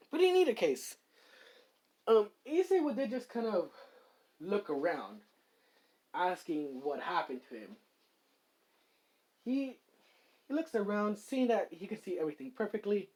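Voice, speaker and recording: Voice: medium pitch, darkish tone. A fan storyteller narrating an improvised fan story in a casual, rambling way, full of fillers and restarts.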